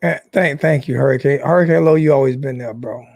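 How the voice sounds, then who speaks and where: A young man in an emotional, apologetic vlog monologue who talks haltingly, with many restarts and repeated phrases. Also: mid-range voice, vocal fry, a little mellow, no echo. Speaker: sports fan YouTuber.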